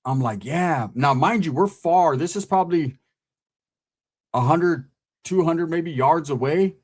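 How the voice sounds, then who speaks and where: A man with a slightly raised voice tells a story in a loose, profane street-slang style. He keeps checking in with listeners and gets animated as the tension builds. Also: fairly high pitch, a little slow. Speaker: podcast host telling a story. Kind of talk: casual storytelling.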